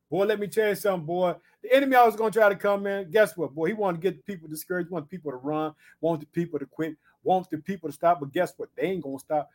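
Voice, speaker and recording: A man's voice: high voice, quick pace, few pauses. A male preacher teaching from the Bible in a sermon, exhorting his listeners with frequent rhetorical questions and bursts of interjection. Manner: punctuates with interjections.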